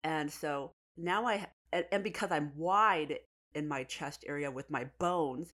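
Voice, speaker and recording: A woman's voice: low-pitched, measured pace, fairly bright tone. A pregnant woman chatting casually, telling a family story animatedly and laughing often. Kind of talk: casual chat.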